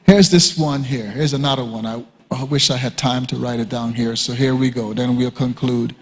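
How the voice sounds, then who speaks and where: An older man teaches a conference audience, talking in an easy, conversational way and dropping in joking asides. His voice is gravelly and a little husky. It rings out with a long reverb through a church hall. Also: mid-range voice, steady tone, moderate pace. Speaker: guest speaker at a church leadership conference. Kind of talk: teaching talk.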